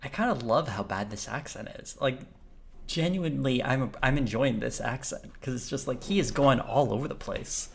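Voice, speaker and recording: A man's voice: mid-range voice, normal speed, gravelly. A man streaming live, chatting and reacting in a rambling, amused way.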